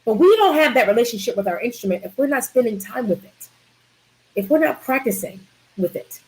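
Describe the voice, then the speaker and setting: A woman's voice: on the high side, expressive, fairly quick, poor audio. Emphatic woman giving a wellness talk. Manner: emphatic, repeats key words, asks the audience questions. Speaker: wellness presenter. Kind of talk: live community talk.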